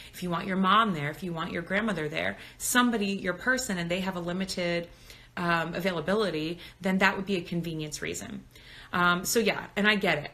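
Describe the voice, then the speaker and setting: A woman's voice: on the low side, fairly bright tone. A woman in her thirties chatting casually and candidly on a phone live stream, answering viewers' comments. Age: 30s. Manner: candid, talkative, reads comments aloud. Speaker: birth educator on Instagram live.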